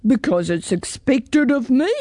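A woman's voice: high-pitched, animated, unhurried, warm tone, no echo, clean studio sound, pitched above the performer's own voice. A woman reading a storybook aloud, voicing a big timid male dragon who sighs, hesitates and sobs. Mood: sad. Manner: sighing, hesitant, sobbing.

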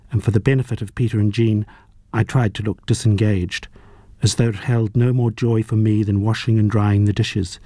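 A man narrating a novel as an audiobook reader, in a measured, even storytelling manner. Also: lowish voice, dry recording. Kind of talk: audiobook reading.

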